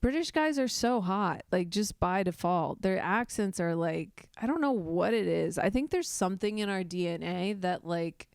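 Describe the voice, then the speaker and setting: A young woman hosts a loose comedy podcast, giggling and tripping over her own intros. Her voice sits a little low and comes through smooth and clear. The close mic gives a dry, intimate sound. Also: animated, moderate pace, hardly any pauses, a little mellow, no room sound. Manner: giggly, self-deprecating, rambling with restarts. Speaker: podcast host. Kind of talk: casual comedic podcast chat.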